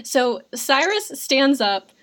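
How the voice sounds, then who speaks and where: A young woman with a fairly high voice recaps a movie with friends, sarcastic and full of "like". She talks casually and keeps the story moving. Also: big pitch swings, slow, fairly bright tone. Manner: chatty, sarcastic, frequent "like" fillers. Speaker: podcast co-host. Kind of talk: casual film recap chat.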